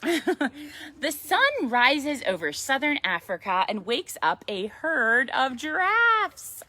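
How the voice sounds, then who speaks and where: Animated woman reading a children's story. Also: high voice, slow pace. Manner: animated, chatty and playful. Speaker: yoga teacher reading to a child.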